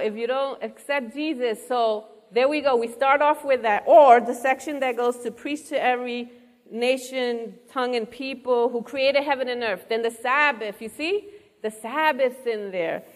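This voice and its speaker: A woman's voice: fairly high pitch, long reverb tail. A woman preaching a sermon with earnest conviction, often putting questions to her listeners. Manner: earnest, asks the audience questions.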